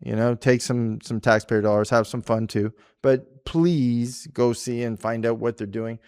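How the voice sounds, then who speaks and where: A man's voice: mid-range voice, steady tone, a little slow, darkish tone, clean tone. A man from Canada co-hosting a casual talk show on policy, chatty and rambling, often laughing. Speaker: podcast co-host. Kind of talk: casual chat about policy.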